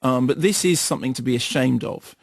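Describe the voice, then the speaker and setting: A man's voice: mid-range voice, a little fast, gravelly, dry recording. A man co-hosting a radio film show, talking emphatically with stammering restarts into a studio microphone. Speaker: film critic co-host. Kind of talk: radio chat.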